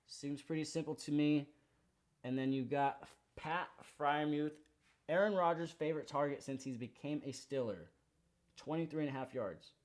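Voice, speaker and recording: A man's voice: mid-range voice, darkish tone. A young man hosting a sports betting show, running through his picks in a slangy, hyped, confident way. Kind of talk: casual betting picks rundown.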